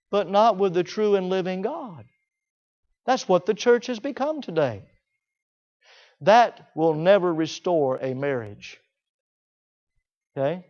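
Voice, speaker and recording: A man preaching a sermon, emphatic, repeating key phrases and swinging between loud declarations and hushed asides. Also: high voice, lively intonation, takes it slowly, long pauses. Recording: dull lo-fi recording.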